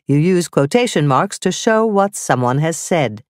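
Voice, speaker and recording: A woman narrating a scripted grammar lesson, reading slowly and carefully with clearly spelled-out examples. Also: sits low, lively intonation, no echo, studio quality. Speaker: teacher.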